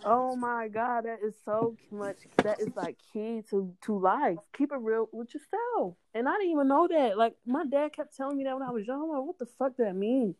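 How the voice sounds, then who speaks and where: A woman's voice: a little high, expressive, normal speed, few pauses, a little mellow. A young adult woman chatting casually as a podcast guest, telling stories in loose slang with frequent laughter and profanity. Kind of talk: casual chat.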